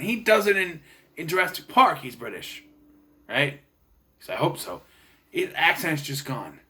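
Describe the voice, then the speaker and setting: A man's voice: fairly high pitch, pushed and bright. A young man giving a casual, rambling movie review, often restarting and correcting himself. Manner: rambling, unsure, lots of restarts and self-corrections. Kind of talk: casual spoken film review.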